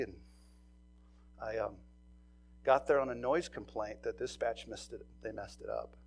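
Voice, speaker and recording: A middle-aged man preaching a sermon, telling a story and swinging between loud bursts and hushed near-whispers. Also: medium pitch, a little hiss or hum. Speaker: pastor.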